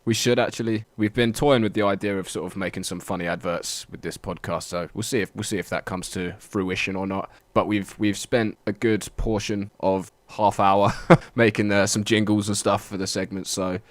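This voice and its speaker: A man of about thirty, chatting loosely as a podcast co-host. His voice sits a little low and is recorded close and dry. He talks in easy, sweary banter. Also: steady tone, moderate pace, few pauses, dry recording. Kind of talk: casual chat.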